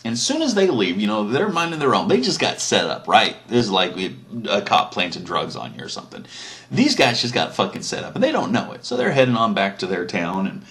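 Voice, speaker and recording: A man's voice: lowish voice, wildly swooping pitch, brisk, a bit bright. A man telling an old story as a casual, crude comedic retelling, full of swearing and asides. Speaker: comic storyteller.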